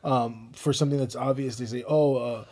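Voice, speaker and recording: A man's voice: mid-range voice, steady tone, fairly quick, darkish tone. A man co-hosting a podcast in casual chat, playful and teasing. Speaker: podcast co-host.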